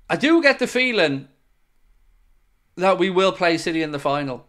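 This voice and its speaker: A man's voice: high-pitched, very animated, moderate pace, pauses often, a bit bright. A man hosting a live football watchalong, chatty and upbeat as he reads out viewer messages. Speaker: fan channel host.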